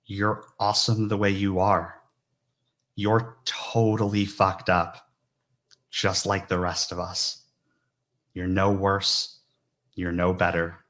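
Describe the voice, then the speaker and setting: A man's voice: deep voice, fairly bright tone. A man giving an earnest, confessional talk to a conference audience, often checking in with "right?". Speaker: conference speaker. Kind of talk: personal story talk to an audience.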